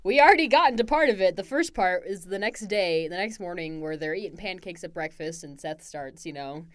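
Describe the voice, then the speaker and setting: A woman's voice: fairly low pitch, lively intonation, fairly quick, dry recording. A young woman co-hosting a casual book podcast, laughing often and playfully acting out characters' lines. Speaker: podcast co-host. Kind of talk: casual book-club chat.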